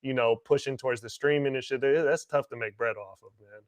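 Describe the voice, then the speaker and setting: A man hosting a podcast interview, asking questions in relaxed, slangy casual chat. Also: mid-range voice, fairly quick. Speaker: podcast host.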